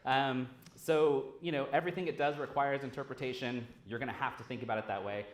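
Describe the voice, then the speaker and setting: Animated, swearing conference speaker in a roomy hall. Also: male voice, medium pitch, fairly quick. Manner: casual, animated, swears freely. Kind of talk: conference talk. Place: large lecture hall.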